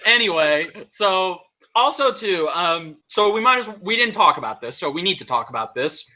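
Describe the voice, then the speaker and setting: High, very bright-voiced excitable man. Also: moderate pace, dull audio. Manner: excitable, laughs often, trails off and restarts. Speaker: podcast host. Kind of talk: casual chat.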